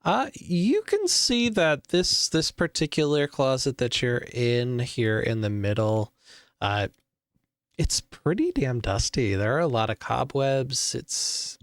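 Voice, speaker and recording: A man narrating as game master of a tabletop game over an online call, describing scenes in an unhurried way with many fillers. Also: mid-range voice, lively intonation, no echo.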